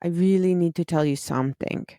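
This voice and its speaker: A frank, caring woman coach, as a storyteller puts her on, speaking gently but getting straight to the point. Her voice sits a little high, and the sound is close and dry. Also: brisk, no echo, close to an everyday voice. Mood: frank, gentle. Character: blunt, caring female life coach.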